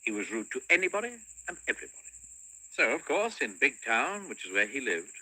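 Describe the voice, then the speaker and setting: A man narrating a children's storybook with a highly expressive, swooping delivery. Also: fast, breathy edge, no echo, poor audio. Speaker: audiobook narrator.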